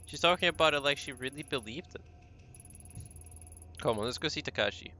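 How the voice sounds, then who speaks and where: A man's voice: mid-range voice, animated, brisk, bright, forceful tone, a little hiss or hum. A man streaming a horror game, joking around, laughing at himself and stammering playfully. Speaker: gaming streamer. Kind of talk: let's-play commentary.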